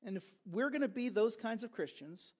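A man preaching a sermon as pastor, in a conversational way with quick asides and restarts. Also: sits high, lively intonation, a little mellow.

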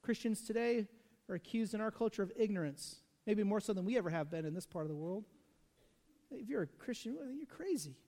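A man preaching a sermon in a conversational, animated way, full of asides and rhetorical questions. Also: high voice, a little fast, in a large hall. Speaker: pastor.

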